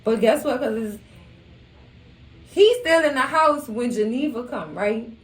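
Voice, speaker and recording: A woman's voice: fairly high pitch, unhurried, recorded from a distance, soft background music. Chatty woman recapping a TV show. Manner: animated, chatty, laughs often, acts out quotes. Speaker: recap channel host. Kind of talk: casual TV recap chat. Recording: echoey room.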